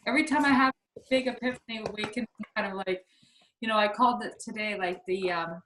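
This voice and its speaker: A woman's voice: mid-range voice, fast, fairly bright tone, echoey room, a little hiss or hum, poor audio. A woman co-hosting a casual spiritual chat over a video call, speaking earnestly and searching for her words. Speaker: spiritual talk co-host.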